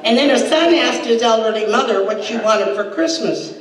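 In a roomy hall full of laughter, an older woman hosts a stand-up set, dry and deadpan, slipping quoted voices into her one-liners. Her voice is on the high side and her pace moderate. The distant mic leaves the sound echoey, with crowd laughter audible.

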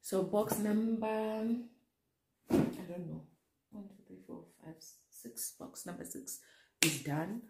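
Young woman vlogger, gushing unboxing chat, unhurried delivery, echoey room. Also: mid-range voice, creaky. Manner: gushing, excited, talks straight to viewers. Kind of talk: casual unboxing vlog. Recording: echoey room with faint noise.

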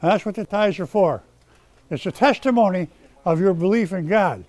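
A man preaching a sermon as pastor, swinging between loud scolding and hushed prayer. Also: high-pitched, normal speed. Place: rescue mission chapel.

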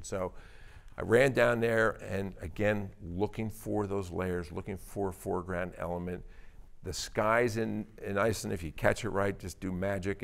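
A man with a low, gravelly voice delivers a photography talk. He speaks conversationally, explaining his process with casual fillers. The feel is relaxed and down to earth. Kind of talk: presentation talk.

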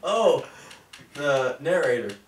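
A man's voice: a little high, big pitch swings, takes it slowly, slight background noise. A young man bantering playfully with a friend, giggling as he talks. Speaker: vlogger's friend. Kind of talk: casual banter. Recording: echoey room from a distance.

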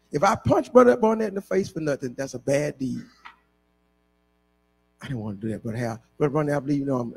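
A man's voice: fairly high pitch, vocal fry, a little mellow, slightly rough. A male pastor preaching a sermon, breaking into a chanting, half-sung climax with repeated refrains.

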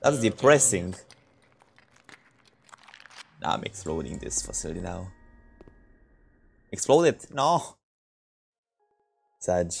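A man streaming a shooter game with viewers, reacting excitedly and swearing, his voice jumping high when shocked. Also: slow pace, creaky, pauses often, slight background noise. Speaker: gaming streamer. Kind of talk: casual live game commentary.

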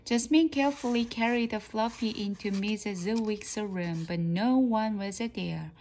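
Slow, careful woman reading a storybook. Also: medium pitch, darkish tone, a little hiss or hum. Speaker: reader. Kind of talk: slow storybook read-aloud practice.

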